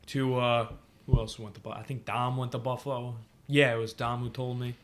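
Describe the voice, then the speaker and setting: A man's voice: medium pitch, level tone, a little fast. A man co-hosting a casual chat, teasing and cutting in. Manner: teasing, interjecting. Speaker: co-host.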